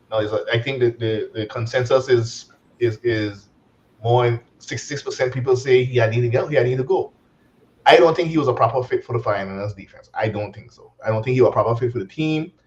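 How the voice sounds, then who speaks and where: A man's voice: medium pitch, lo-fi sound. A man co-hosting a casual football talk show, speaking in a loose, rambling, colloquial way. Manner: laid-back, rambling, colloquial. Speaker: podcast co-host.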